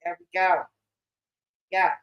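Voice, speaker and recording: A woman's voice: fairly low pitch, little pitch movement, slow pace, highs cut off. A woman streamer giving blunt, mocking reaction commentary on a livestream.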